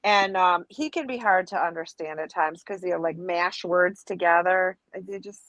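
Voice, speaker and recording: Quick, teasing woman, dead-dry close mic. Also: on the low side, a bit bright, no room sound. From upstate New York. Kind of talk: casual group chat.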